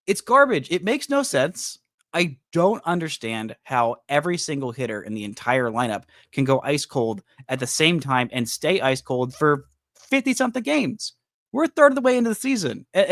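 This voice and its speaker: A man with a fairly high voice hosts a solo sports podcast and vents his frustration with emphatic, exasperated delivery. His pitch swings widely as he talks. The recording is dry and close, with no room sound. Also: big pitch swings, moderate pace, a bit bright, no room sound. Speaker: podcast host. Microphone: studio microphone.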